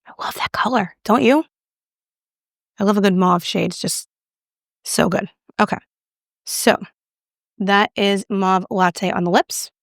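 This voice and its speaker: A woman's voice: mid-range voice, steady tone, slow, gravelly, long pauses, dry recording, studio quality. A young woman casually reviewing makeup, chatty and self-deprecating as she applies it on camera. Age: young adult. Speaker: beauty YouTuber.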